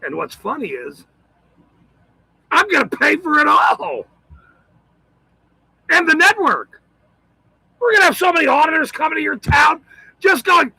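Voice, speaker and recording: A man in a profane, shouting monologue, ranting as the host of his own channel. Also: extremely high pitch, very animated, measured pace, vocal fry, long pauses, no echo, rough recording. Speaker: citizen auditor channel host.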